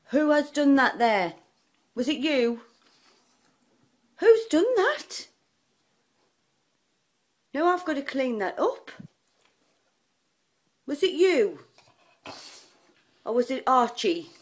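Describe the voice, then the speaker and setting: High-voiced woman mock-scolding her dogs. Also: sing-song, takes it slowly, long pauses. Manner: mock-stern questioning. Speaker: dog owner. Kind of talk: scolding a pet.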